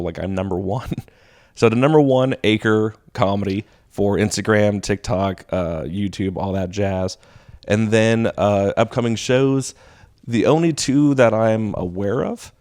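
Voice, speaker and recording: Laughing, animated male comedian telling stories. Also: on the low side. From Texas. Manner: animated, laughs while telling stories, acts out quoted voices. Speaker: stand-up comedian guest. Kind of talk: casual storytelling chat.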